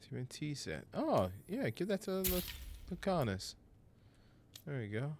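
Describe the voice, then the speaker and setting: A man giving casual, playful gameplay commentary as a gaming streamer, joking and excitable. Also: fairly high pitch, measured pace, slight background noise.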